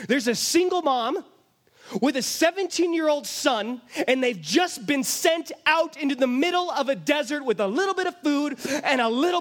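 A man delivers a sermon in an unusually high-pitched voice. He retells the story with emphatic storytelling and slips into the voices of its characters. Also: fairly bright tone. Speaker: pastor.

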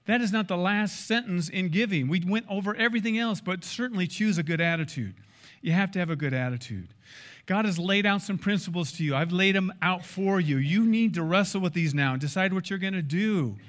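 A man in his fifties, a pastor preaching a sermon in an emphatic, animated way, acting out dialogue. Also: high-pitched, brisk.

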